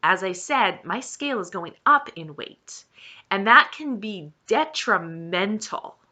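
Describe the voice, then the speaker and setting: A woman speaks slowly and earnestly in a personal vlog, encouraging her viewers and driving points home through repetition. Her voice is bright and clear, and she sounds close to tears. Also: mid-range voice, animated. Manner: earnest and encouraging, stressing points by repeating them. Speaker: vlogger sharing her weight-loss journey. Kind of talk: heartfelt personal talk to camera.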